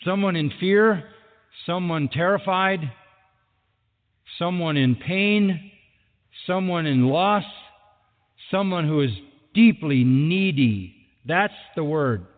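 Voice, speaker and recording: Slow and fairly high-voiced, a man gives an emphatic sermon as pastor, repeating phrases to drive each point home. The recording sounds thin, like a phone, and has long hall reverb.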